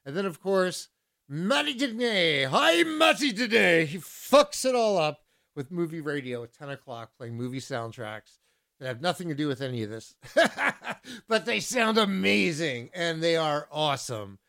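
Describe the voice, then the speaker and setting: A male radio DJ with a somewhat high voice, talking loosely between songs on a community station. He rambles, swears freely and repeats himself when he gets worked up. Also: expressive, unhurried, gravelly, a bit bright. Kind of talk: casual radio DJ chat and rant.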